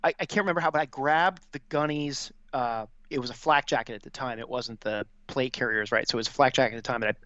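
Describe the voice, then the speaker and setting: A man, a former Marine officer, telling anecdotes as a podcast guest in a quick, animated way with many fillers. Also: mid-range voice, dry recording, lo-fi sound. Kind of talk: casual storytelling.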